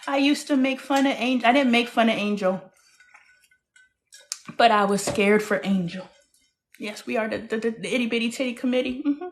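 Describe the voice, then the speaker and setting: Frank, animated woman in her thirties, host of a casual live-stream monologue, loud one moment and hushed the next. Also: fairly high pitch, normal speed.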